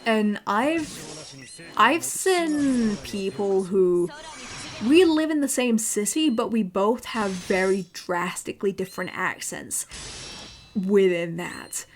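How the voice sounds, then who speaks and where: A woman's voice: mid-range voice, slow, a little hiss or hum. A woman from northern England who streams as a VTuber, with a mixed British and American accent, chatting casually and rambling while she plays a game. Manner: chatty, rambling, easily excited.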